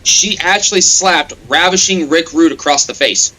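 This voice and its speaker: A man chatting casually as a guest on a gaming stream, telling animated stories with laughter and the odd swear. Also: on the high side, normal speed, a little hiss or hum, poor audio. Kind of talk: casual storytelling chat.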